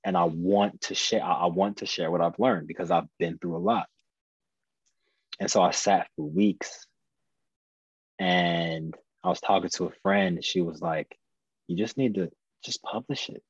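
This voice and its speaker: A man's voice: low voice, steady tone, a little slow, husky, dry recording, highs cut off. A man in his thirties, a podcast guest, telling a personal story earnestly and candidly, often restarting and repeating his phrases. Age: 30s.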